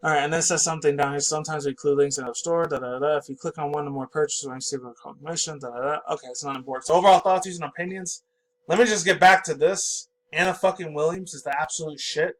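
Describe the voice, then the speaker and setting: A man in his twenties reads an article aloud, stumbling over words and breaking off into excitable, profane commentary. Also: fairly high pitch, fast talker, rough recording. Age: 20s. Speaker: pop culture vlogger.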